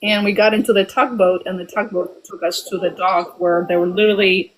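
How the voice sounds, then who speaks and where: A woman in her forties from Albania, telling a personal story as a guest, reflective and often pausing with ums and restarts. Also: medium pitch, steady tone, slight background noise, rough recording.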